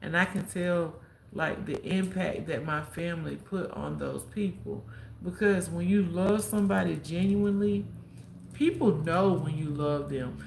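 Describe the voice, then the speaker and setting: A woman with a fairly low, creaky voice tells a story at a measured pace on her live stream, animatedly acting out what people said and offering heartfelt advice. The audio has a roomy echo, faint ambience and slight background noise.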